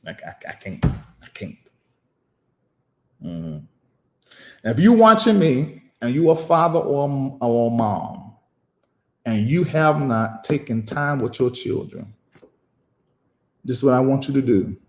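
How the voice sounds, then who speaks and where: On a reverberant recording, a man who preaches and hosts a show offers emotional live-stream commentary in an expressive, mid-range voice. He is emphatic and preachy, repeats phrases, and pauses at length.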